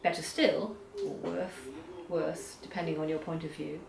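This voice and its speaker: A woman giving an academic lecture on poetry, measured, reading poems aloud slowly, recorded from a distance in a lecture hall. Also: sits low, steady tone, vocal fry, crowd noise. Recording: echoey hall, far from the mic, audience.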